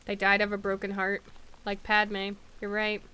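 A woman streaming a video game, loudly and expressively reacting to it and talking to the game characters as she plays. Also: medium pitch, monotone, normal speed, a little hiss or hum. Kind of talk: live gameplay commentary.

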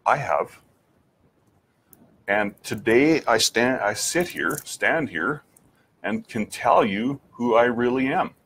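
A man giving an earnest personal faith testimony, reflective, with frequent pauses and restarts, asking the listener direct questions. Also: medium pitch, animated, fairly bright tone, slight background noise. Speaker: speaker sharing his faith testimony.

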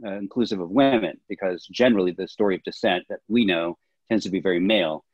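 A man with a very low voice explains his filmmaking choices as a director and historian, earnest and thorough. The sound is dry and dull, like a lo-fi call. He speaks in plain conversational sentences. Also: fast talker, husky, dry recording. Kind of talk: casual interview answers.

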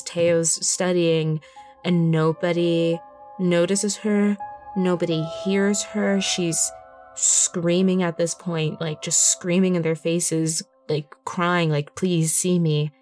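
A woman's voice: lowish voice, darkish tone. A woman playing a tabletop game, describing her character's scene vividly with many casual fillers. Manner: vivid storyteller, lots of fillers. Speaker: player.

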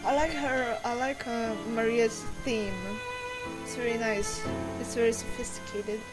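A woman's voice: on the high side, steady tone, measured pace, low-quality recording. A teenage girl casually commenting on a spooky game she plays, with joking asides and read-out dialogue. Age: teens. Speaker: let's play gamer. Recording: game music playing loudly underneath.

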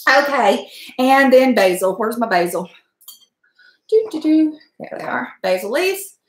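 A woman's voice: mid-range voice, roomy sound. A middle-aged woman, chatting and rambling to her viewers while she cooks in her home kitchen. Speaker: cooking vlogger. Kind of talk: casual chat while cooking.

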